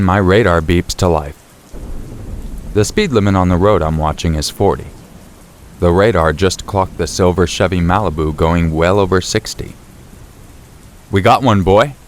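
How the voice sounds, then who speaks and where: A man narrating a true scary story in the first person, in a steady, low-key storytelling voice. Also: a little hiss or hum. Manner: steady, low-key storytelling, rising sharply for shouted quotes. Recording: faint rain and thunder behind.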